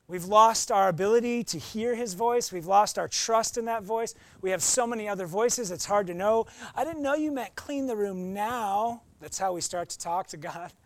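A man's voice: sits high, a bit bright. A middle-aged man preaching a sermon in a playful way, acting out voices and quotes as he talks. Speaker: pastor.

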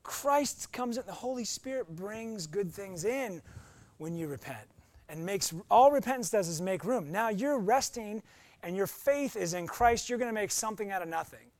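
A man's voice: sits high, lively intonation, moderate pace, darkish tone, no echo. A young adult man preaching a conversational sermon as pastor, often acting out quoted voices.

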